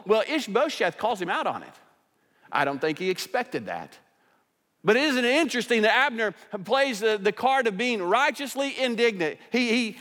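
A man preaching a sermon as pastor, emphatic, swinging between rising intensity and quiet asides. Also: sits high, very animated, normal speed, long reverb tail.

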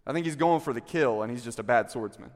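A man preaching a sermon as pastor, telling the story with animated delivery and acting out the quotes. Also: medium pitch, fast talker, big-room sound.

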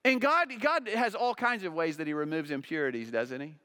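A male pastor delivers a sermon in a somewhat high voice. He climbs to loud, emphatic peaks, then sinks into hushed, low passages, and he often restarts phrases and repeats words to drive a point home. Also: fairly quick, clear, resonant tone.

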